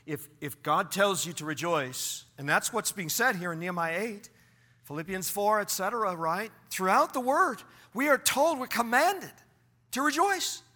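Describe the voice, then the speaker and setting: A man preaching a sermon, swinging from loud exhortation to near-whispered asides. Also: high-pitched, moderate pace, big-room sound. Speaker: pastor.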